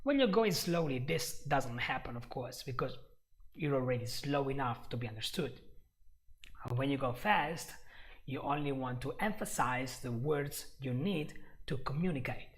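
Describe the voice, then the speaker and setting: A man's voice: medium pitch, animated, normal speed. A man teaching a live online English lesson, often repeating himself and checking in with "right?".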